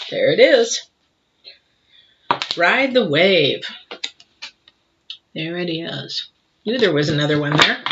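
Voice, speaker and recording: A woman's voice: fairly low pitch, highs cut off, background noise. A woman doing a live tarot reading, chatty and rambling, with lots of fillers and her mouth still full of cookie dough. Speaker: tarot reader.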